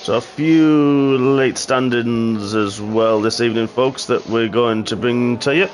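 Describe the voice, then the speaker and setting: A man's voice: mid-range voice, a little slow, a little hiss or hum. A man doing live sim racing commentary as the host, upbeat and joking with his co-hosts. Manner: upbeat, jokey banter with co-hosts. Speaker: esports race commentator.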